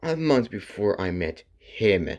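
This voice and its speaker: Calm young boy, plain and unhurried, read by a man in his own lowish voice.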